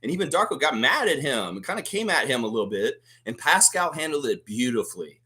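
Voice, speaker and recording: A man's voice: medium pitch, a little fast. A man hosting a live fan sports show, ranting heatedly and swearing freely. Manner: excitable, emphatic. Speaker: host of a fan basketball show. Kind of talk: live sports preview rant.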